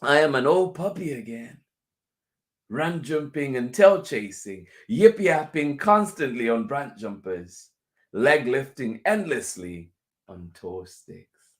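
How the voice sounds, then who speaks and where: A man reading a picture book aloud for children, going over each passage twice in a gentle way and chuckling softly between lines. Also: mid-range voice, animated, slow pace. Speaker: children's storyteller.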